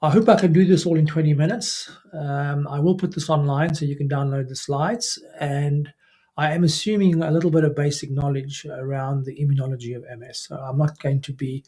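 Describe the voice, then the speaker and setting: A man, a neurologist, giving a recorded scientific lecture in a measured way, with frequent fillers and self-corrections. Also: fairly high pitch, mellow. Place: remote recording away from the audience.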